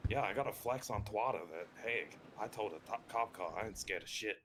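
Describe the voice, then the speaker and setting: Low-voiced man telling a rambling story. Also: a little fast, fairly bright tone, slight background noise. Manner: rambling, profane, with many fillers. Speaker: streamer playing a tow truck driver. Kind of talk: casual roleplay storytelling.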